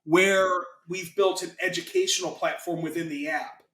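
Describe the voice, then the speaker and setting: A chatty, enthusiastic American man pitching his business as a guest, his voice pitched a little high. He sounds like he's in a roomy, echoing space, talking loosely and casually. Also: steady tone, normal speed, fairly bright tone. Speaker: guest, financing consultant. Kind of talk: casual interview chat.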